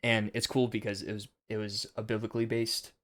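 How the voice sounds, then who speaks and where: A man's voice: fairly low pitch, flat delivery, fairly quick, a bit bright. A young man hosting a casual film commentary monologue, earnest and preachy with a rambling delivery.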